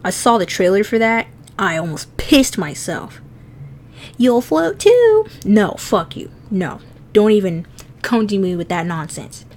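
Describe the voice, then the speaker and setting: A woman with a fairly low voice speaks a little slowly as she streams herself drawing. Her chat is casual, with frequent laughter and free swearing as she teases herself.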